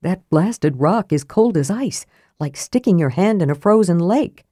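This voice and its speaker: A woman's voice: lowish voice, animated, a little slow, mellow, dry recording, studio quality. A woman voicing a blunt young warrior in an audiobook reading, grumbling and casual in his speech. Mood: gruff. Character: gruff, worried big young warrior.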